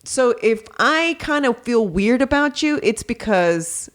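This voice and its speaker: A woman's voice: fairly high pitch, slow pace. A woman in her thirties from Texas hosting a casual podcast chat, telling stories with lots of swearing and acted-out quotes. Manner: animated storytelling, swearing freely, acting out voices in quotes. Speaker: podcast host.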